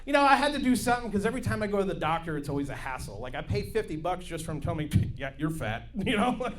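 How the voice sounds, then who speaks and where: A man's voice: high-pitched, lively intonation, rapid-fire, a little hiss or hum. A man hosting a comedy club night, doing stand-up with rowdy, hyped crowd work. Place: comedy club stage with live audience.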